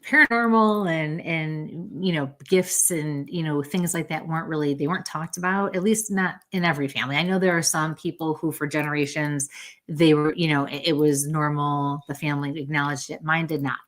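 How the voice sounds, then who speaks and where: Low-voiced chatty middle-aged woman. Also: steady tone, fairly quick, a bit bright. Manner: chatty, laughs often, swears freely. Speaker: podcast guest, medium. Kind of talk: casual chat.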